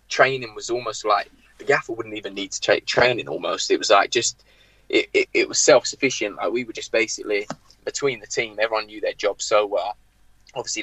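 Ex-pro in his thirties, lowish forceful voice, animated self-mocking storyteller, dry podcast sound. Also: dry recording, poor audio. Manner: lively storyteller, laughs at himself. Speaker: former professional footballer, guest. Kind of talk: casual anecdote telling.

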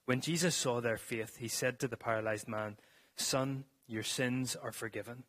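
A man's voice: medium pitch, steady tone, normal speed, a bit bright. A man delivers a sermon in a church, speaking to the congregation in an earnest way. His voice sits in the middle range for a man. He sometimes restarts a phrase before pressing on. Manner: earnest, with some stumbles and restarts. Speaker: preacher.

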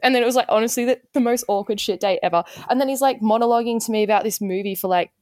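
A woman's voice: fairly high pitch, racing, a little mellow, dry recording, studio quality. A young woman chatting casually as a podcast co-host, telling a story with lots of laughter and bubbly energy. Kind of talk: casual chat. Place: London.

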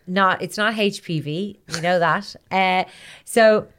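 A woman's voice: mid-range voice, slow pace, fairly bright tone, clear, resonant tone. Woman rambling thru a history story, giggly, acts out little scenes, casual chat. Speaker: podcast co-host telling a history story.

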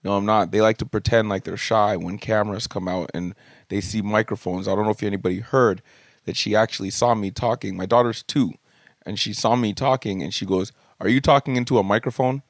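A man's voice: fairly low pitch, a little fast, no echo. Man, podcast host, comic storytelling, casual swearing, dry sound. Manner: animated, jokey, swears casually. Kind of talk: comedic storytelling monologue. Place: home studio room.

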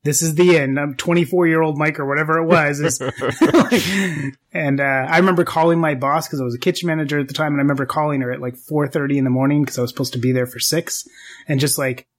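A man in his thirties co-hosting a podcast, chatty and quick to laugh. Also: a little high, fairly even intonation. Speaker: podcast co-host. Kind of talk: casual podcast chat.

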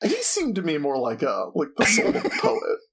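A man's voice: a little high, wildly swooping pitch, moderate pace, fairly bright tone, slightly rough. A man acting as game master, narrating a tabletop game in a dry, teasing way.

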